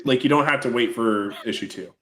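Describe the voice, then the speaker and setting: A man's voice: medium pitch, a little fast, fairly bright tone, low-quality recording. A man chatting casually, hesitant with fillers. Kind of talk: casual chat.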